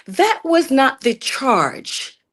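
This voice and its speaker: A woman's voice: high voice, very animated, extremely slow, a bit bright. A middle-aged woman from Jamaica calling in to a talk stream, arguing emphatically and indignantly, repeatedly calling the host sir. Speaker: caller. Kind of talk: heated call-in debate.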